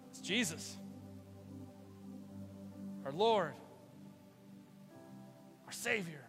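A male pastor giving a livestreamed sermon in a casual, animated way, swinging from loud exclamations to hushed, near-whispered storytelling. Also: high-pitched, drawn-out words, over music.

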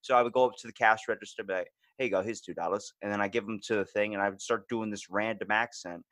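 A man hosting a podcast in casual chat, animated and acting out the voices of people he quotes. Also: lowish voice, quick pace, no room sound. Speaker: podcast host.

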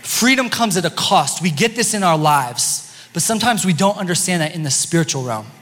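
A man preaching a sermon as pastor, lively and joking with his congregation. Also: high voice, fairly quick. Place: church sanctuary. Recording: long church-hall reverb.

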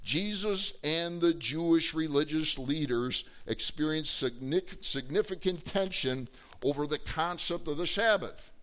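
A man's voice: a little high, unhurried, fairly bright tone. Man preaching in a conversational style. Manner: conversational preaching with frequent fillers and rhetorical questions. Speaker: pastor. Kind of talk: sermon.

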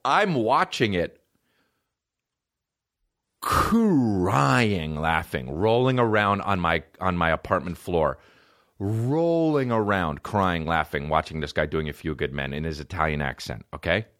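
A man in his thirties, a podcast host and comedian, telling a comic story in an excitable, profane way. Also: sits low, slow pace.

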